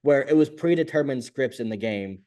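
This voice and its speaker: A man co-hosting a sports talk podcast, rattling off quick, firm opinions in casual chat. His pitch sits in a middle range, and he keeps up a brisk pace. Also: animated, mellow. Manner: fast, opinionated, jumps into high mocking voices. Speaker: podcast co-host.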